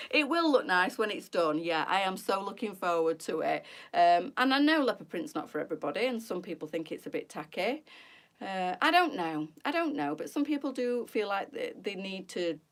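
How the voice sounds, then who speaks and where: A woman's voice: medium pitch, very animated, normal speed. A middle-aged woman, chatting casually to viewers on her boutique live stream and calling them girls.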